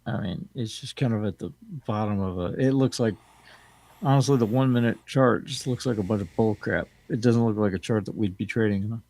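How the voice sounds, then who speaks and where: A man chatting casually on a live show, answering questions in a relaxed, reassuring way. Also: on the low side, fairly quick, creaky. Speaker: co-host trading live. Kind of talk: casual live-stream chat.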